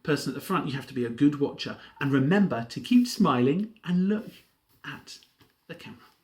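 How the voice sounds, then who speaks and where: A man teaching a drama workshop from home, with a slightly high voice that swings widely up and down. He talks playfully and slips into little character voices as he explains the game. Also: animated, brisk, a little mellow. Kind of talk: home drama lesson, playing a TV presenter.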